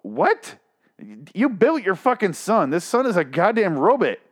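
Sarcastic, swearing man with a lively voice. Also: high voice, unhurried. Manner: sarcastic, profane, incredulous rants. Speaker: commentator reading an article aloud. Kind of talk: comedic reaction commentary.

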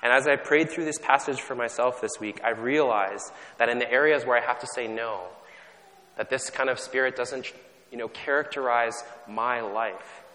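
A man's voice: medium pitch, moderate pace, pushed and bright. A man from Canada preaching a sermon in a conversational, self-deprecating way, often restarting his sentences. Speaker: pastor. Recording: long hall reverb.

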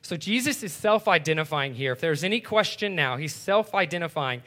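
Bright-voiced man teaching scripture casually. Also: a little high, lively intonation, brisk. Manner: explains casually, often checking in with "right?". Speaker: Bible teacher. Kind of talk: conversational Bible teaching.

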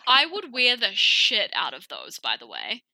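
A woman's voice: mid-range voice, a little slow, poor audio. A woman co-hosting a podcast, chatting casually, giggling, swearing and acting out her own past remarks. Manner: giggly, swearing, quotes herself in animated asides. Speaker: podcast co-host. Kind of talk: casual chat.

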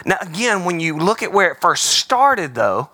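A man's voice: high-pitched, sing-song, normal speed, sharp tone, no echo. A man preaching as a pastor, conversational and emphatic, repeating his key words. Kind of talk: sermon.

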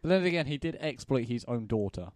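A man appearing as a podcast guest, talking casually in a halting way with dry humour. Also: mid-range voice, animated, darkish tone, no room sound. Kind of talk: casual chat.

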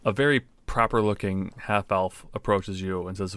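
A man's voice: low voice, steady tone, moderate pace, fairly bright tone, no echo. A man narrating a tabletop game as game master in a laid-back, dry way.

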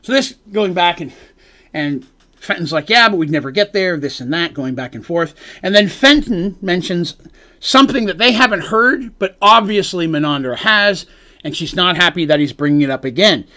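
A man's voice: high voice, animated, moderate pace, pushed and bright. Rambling male game master recapping a story. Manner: rambling, retells scenes with quoted lines.

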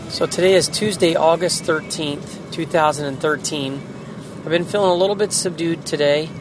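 A man's voice: a little high, normal speed, over music, rough recording. A man recording an earnest, reflective spiritual video diary, speaking prayerfully about his faith. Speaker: video diarist. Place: car.

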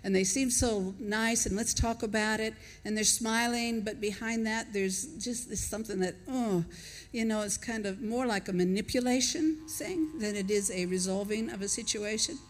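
A woman's voice: medium pitch, normal speed, hardly any pauses. A woman preacher giving a conversational, reflective sermon, asking the listeners questions. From not from Australia, lives there. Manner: conversational, reflective, chuckles between points.

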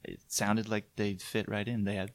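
A man's voice: fairly low pitch, level tone, normal speed, no echo. A man on a podcast telling a story in a rambling, self-correcting way with dry humor. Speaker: podcast co-host. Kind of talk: casual chat, storytelling.

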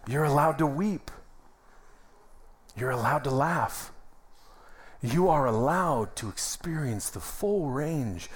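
A man's voice: mid-range voice, animated, slow pace, pauses often. A young adult man, a pastor, preaching a sermon in a church in a conversational, emphatic way with calls of amen. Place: church sanctuary.

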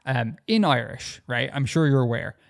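A man talking casually on a podcast, chatty and loose. He stumbles and restarts his sentences often and fills the gaps with ums. His pitch is in a middle range. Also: animated, moderate pace, gravelly. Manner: chatty, hesitant with many restarts and fillers. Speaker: podcast co-host.

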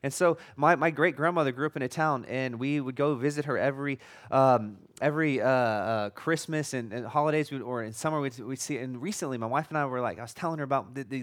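A middle-aged man preaching a sermon as a pastor, in a conversational way, with frequent restarts and jokey asides. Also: mid-range voice.

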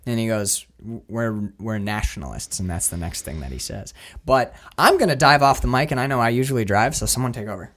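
An animated man hosts a casual podcast discussion of a film. His voice moves through a lively range of pitch, and he laughs easily. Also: fast. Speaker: podcast host.

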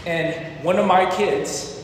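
A man with a high-pitched voice preaches in a reverberant hall. He keeps the sermon conversational and often puts questions to his listeners. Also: takes it slowly, slight background noise. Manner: conversational, asks the congregation questions. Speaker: pastor.

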